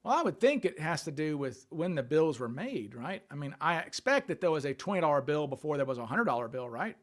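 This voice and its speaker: Man, livestream host, casual chat, thinks out loud, answers viewer questions, slightly high voice. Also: sing-song, a little fast.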